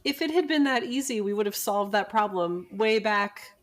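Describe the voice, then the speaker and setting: A woman's voice: medium pitch, normal speed. A middle-aged woman, a physician and podcast co-host, telling a family story in casual chat and acting out the people she quotes. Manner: animated storyteller who acts out quoted people.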